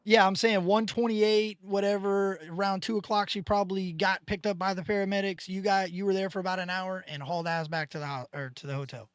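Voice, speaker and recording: A male host with a high voice leads a casual podcast chat. The sound is dry and close, and he checks facts and nudges the story along with questions. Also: fairly even intonation, a little fast, few pauses, smooth, no echo. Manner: recaps the timeline, asks follow-up questions.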